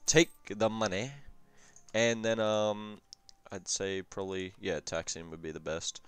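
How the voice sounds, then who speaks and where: A low-voiced young man talks through a strategy game replay in loose, profane, rambling commentary full of jokes and asides. His voice is smooth and close to the mic in a dry space, with faint music underneath. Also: fairly even intonation, a little slow, dry recording. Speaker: gaming commentator. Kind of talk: casual strategy game review.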